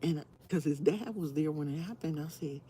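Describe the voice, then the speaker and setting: A woman hosting a live stream, telling a story in a casual, animated way and laughing often. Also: low voice, normal speed, breathy edge.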